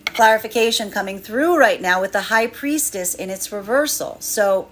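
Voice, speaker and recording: A woman's voice: medium pitch, expressive, moderate pace, a bit bright, slight background noise. A woman giving a flowing, spiritual tarot card reading, repeating phrases as she talks through the cards. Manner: flowing, spiritual, repeats phrases while acting out inner voices. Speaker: tarot reader.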